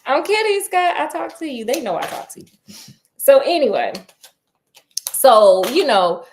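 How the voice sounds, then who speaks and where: A woman's voice: on the high side, a little hiss or hum. Sassy, chatty woman storyteller. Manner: sassy, chatty, laughing asides. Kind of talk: casual comedic book retelling.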